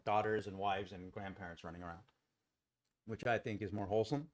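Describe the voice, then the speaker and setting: Man, live trading stream host, relaxed, conversational, reading chat, mid pitch, home desk mic. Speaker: day trading livestream host. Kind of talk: casual live-stream commentary. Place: home in Costa Rica. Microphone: desk mic without boom arm.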